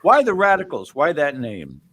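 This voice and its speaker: A man's voice: a little high, wildly swooping pitch, moderate pace, bright, forceful tone, a little hiss or hum. A man hosting a talk show who jokes around and asks long, rambling questions.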